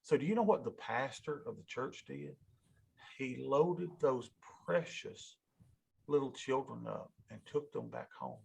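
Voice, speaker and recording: A man's voice: mid-range voice, expressive, unhurried, vocal fry, a little mellow, breathy edge. A man, a financial advisor giving a rambling, emotional talk and calling his listeners y'all. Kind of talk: casual rambling monologue.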